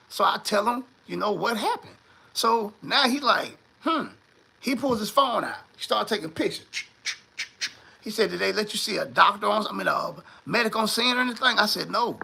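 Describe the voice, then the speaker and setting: A high-pitched man tells a story casually, cursing freely and acting out what others said. His voice is very gravelly and sharply bright, with a husky edge. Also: normal speed. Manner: animated, profane, voices the people in his story.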